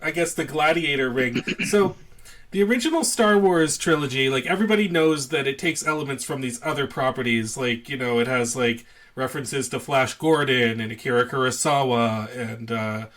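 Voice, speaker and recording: A man's voice: mid-range voice, normal speed, fairly bright tone. A man hosting a podcast in casual chat, laughing easily and working through thoughtful, rambling points.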